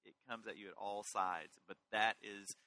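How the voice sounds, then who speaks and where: Middle-aged male pastor, bright forceful tone, slightly low, chatty sermon delivery. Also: normal speed, no room sound, rough recording. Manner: conversational, animated Bible reading.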